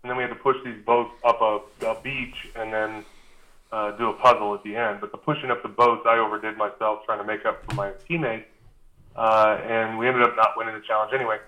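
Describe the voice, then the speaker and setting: Man telling a rambling story, bright voice. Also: lowish voice, level tone, brisk, rough recording. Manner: rambling anecdote with restarts and many fillers. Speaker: podcast guest. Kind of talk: casual storytelling.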